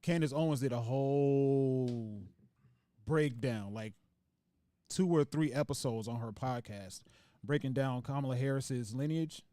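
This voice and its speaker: A man hosting a podcast in casual conversation. He rambles, backs up and restarts sentences as he thinks aloud. His voice sits in a middle pitch, and the sound is dry and close. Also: a little slow, mellow, no room sound. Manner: reads out viewer comments. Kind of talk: casual discussion.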